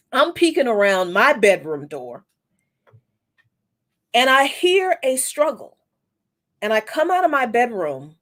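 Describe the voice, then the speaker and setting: A woman in her forties hosting a podcast, telling a personal story in a reflective, candid way with frequent restarts and casual cursing. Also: sits high. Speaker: podcast host.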